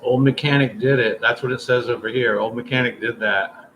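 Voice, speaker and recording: A man's voice: mid-range voice, steady tone, brisk, fairly bright tone. Chatty man streaming over a noisy room. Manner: rambling, chatty, talks straight to viewers. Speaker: livestream host. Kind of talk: casual chat.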